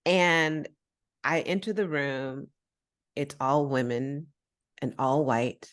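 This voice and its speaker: Speaking slowly in a deep voice, a U.S. podcast host shares a story from her own life. She's animated as she chats, putting on voices for each person who appears in the tale.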